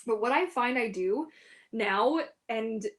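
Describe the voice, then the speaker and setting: A woman's voice: on the high side, lively intonation, slow, fairly bright tone. A woman hosting a casual live Q&A as a mermaid performer, chatty and giggly, with lots of "like" and "um". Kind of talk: casual livestream Q&A.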